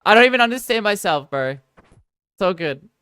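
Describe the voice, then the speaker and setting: Smooth-voiced rambling Australian woman streamer. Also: medium pitch, animated, moderate pace, a bit bright, no room sound, clean studio sound. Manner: rambling, self-mocking, answers viewers' chat between game moments. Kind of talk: casual live-stream chat.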